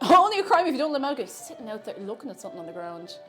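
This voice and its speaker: A woman's voice: fairly high pitch, very animated, racing, over music. A young woman streaming from her home kitchen, chatting playfully and casually while she bakes. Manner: chatty and playful, coos in baby talk to a cat. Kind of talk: casual livestream chat while baking.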